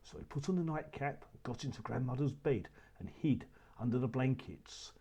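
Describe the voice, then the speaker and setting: Expressive male storyteller for a children's tale, lively and husky. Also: medium pitch, normal speed. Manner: expressive, animated telling.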